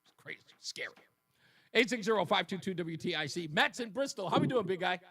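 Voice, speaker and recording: A man's voice: high-pitched, lively intonation, fairly quick, a bit bright, husky. A man hosting a call-in radio talk show, joking and laughing often. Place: radio studio.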